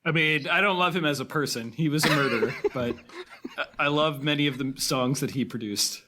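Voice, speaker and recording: A man's voice: on the high side, brisk, sharp tone, a little hiss or hum. A man co-hosting a film podcast, chatting casually and rambling a little, correcting himself as he goes. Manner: rambling, self-correcting, enthusiastic about film scores. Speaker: podcast co-host. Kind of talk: casual chat.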